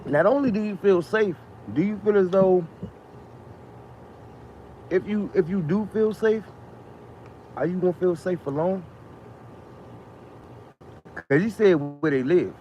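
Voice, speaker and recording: A man's voice: high-pitched, a little slow, long pauses. A man ranting casually on a live stream, repeating himself, firing off rhetorical questions and swearing freely. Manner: emphatic, repetitive, rhetorical questions, profane. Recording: muffled lo-fi sound with faint noise.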